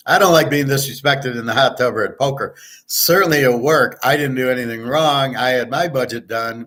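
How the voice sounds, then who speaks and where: A man's voice: mid-range voice, moderate pace, a bit bright. A middle-aged man from the United States, hosting a betting show and telling a rambling story in a blunt, profane, indignant way. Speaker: sports betting show host.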